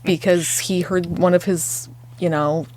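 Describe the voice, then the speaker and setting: A woman co-hosting a casual podcast, telling an exasperated story in an animated way, acting out the people she quotes and swearing freely. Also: fairly low pitch, a little slow, slight background noise. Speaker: podcast co-host.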